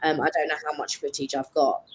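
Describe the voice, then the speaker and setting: A woman co-hosts a live stream from her garden, rambling casually and leaning on lots of fillers while she recovers from losing her voice. Her low, husky voice stays level in tone and moves a little fast. Birdsong carries through the poor-quality outdoor audio.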